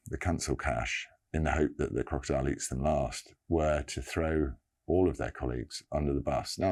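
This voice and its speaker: A man giving an earnest personal statement, halting and pausing often. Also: rumbling low, darkish tone. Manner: halting, earnest, many pauses and restarts.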